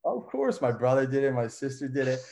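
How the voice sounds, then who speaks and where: A man telling a childhood story in casual chat, animated, with lots of fillers and frequent laughter. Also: medium pitch, a little fast. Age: adult. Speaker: guest, son of a wrestler.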